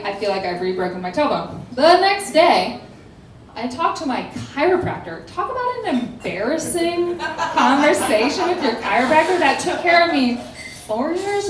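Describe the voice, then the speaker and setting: High-voiced dramatic woman telling a story. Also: far from the mic, slight background noise. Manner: animated, dramatic, laughing asides, acts out quotes. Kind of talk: casual storytelling. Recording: echoey room, voice off-mic.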